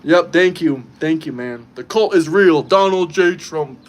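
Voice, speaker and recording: Speaking at a measured pace in a slightly high voice, this U.S. livestream host talks straight to his chat from his own setup. His casual stream has a mocking, combative edge.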